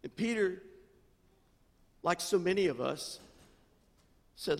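A male pastor preaching a sermon, swinging between fervent, near-shouted passages and quiet, chatty storytelling. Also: high-pitched, expressive, slow pace, long pauses, big-room sound. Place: church sanctuary.

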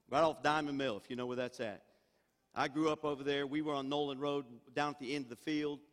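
An older man preaching a sermon as senior pastor, emphatic and calling out for amens. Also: fairly high pitch. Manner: emphatic preaching, calls for amen. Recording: reverberant church hall.

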